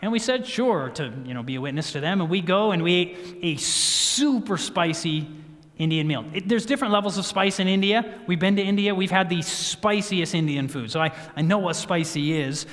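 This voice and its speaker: A man giving a health talk at a church, telling a story in an animated way and acting out what people said. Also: high voice, moderate pace. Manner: storytelling, animated, acts out quotes. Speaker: guest speaker. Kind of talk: sermon-style health talk. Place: church sanctuary. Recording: church hall reverb.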